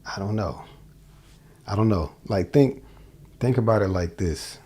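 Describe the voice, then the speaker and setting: A man's voice: lowish voice, measured pace, warm tone, slightly rough. A man giving a casual livestream guitar lesson, thinking aloud and often repeating and restarting his phrases, with a guitar behind him. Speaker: guitar teacher. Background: guitar playing.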